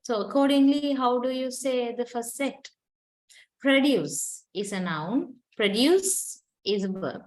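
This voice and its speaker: A woman's voice: fairly high pitch, normal speed, hardly any pauses, darkish tone. A woman who is not a native English speaker, lecturing on English linguistics, explaining patiently step by step and repeating words to model them. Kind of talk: recorded university lecture.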